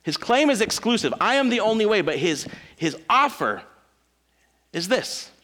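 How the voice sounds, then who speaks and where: A male pastor preaching a sermon, emphatic, with dramatic pauses and big swings between loud and soft. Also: sits high, very animated.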